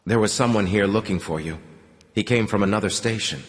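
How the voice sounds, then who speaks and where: Brief: kindly tired older man, read by a male narrator; low, soft, echoing. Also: a little fast, natural voice. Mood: gentle. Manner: weary, good-natured. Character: older stepfather, gentle and weary. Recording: long reverb.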